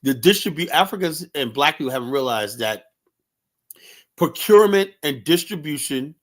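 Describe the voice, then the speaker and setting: A man hosting an online panel, calming guests and asking questions in a relaxed way. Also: fairly high pitch, moderate pace. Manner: calming, conversational, asks questions. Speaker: panel host.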